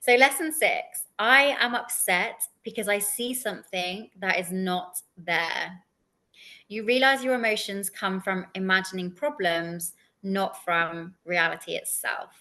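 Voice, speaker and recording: A woman's voice: mid-range voice, measured pace, pushed and bright. A woman co-hosting a spiritual lesson, candidly telling a personal story. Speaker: co-host.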